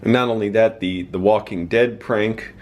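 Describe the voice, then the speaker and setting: Lowish-voiced man, casual YouTuber, rambles through his thoughts. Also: steady tone, moderate pace, a little mellow. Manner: rambling, many fillers and restarts. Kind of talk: casual talk to camera.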